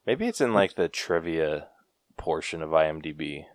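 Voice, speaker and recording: A man's voice: rumbling low, expressive, moderate pace, no echo. A man co-hosting a podcast, chatting casually about a movie in a laid-back way and reading trivia aloud. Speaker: podcast co-host.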